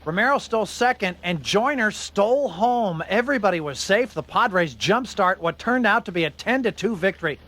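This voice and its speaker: A male sportscaster and co-host with dry, wry remarks. His voice is high for a man, bright and a bit tense. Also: animated, moderate pace, few pauses. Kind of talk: radio banter.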